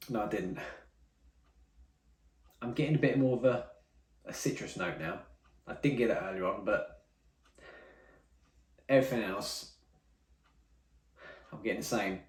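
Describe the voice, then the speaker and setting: Man, rambling whisky review, self-correcting, lowish voice, echoey room, mic set back. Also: unhurried, long pauses. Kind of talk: casual tasting-notes chat. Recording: roomy, mic at some distance.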